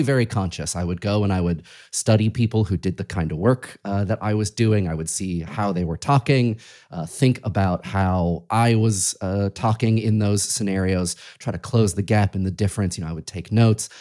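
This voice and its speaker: A man with a low voice hosts a podcast interview. He talks in a reflective, conversational way. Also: darkish tone. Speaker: podcast host.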